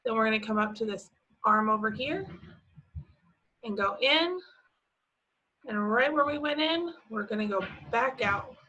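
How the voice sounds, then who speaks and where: A young woman leads a preschool lesson in a bright, slightly high voice. She speaks very slowly and patiently, putting simple questions to the children and encouraging them as she answers. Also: expressive, lo-fi sound. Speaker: preschool teacher.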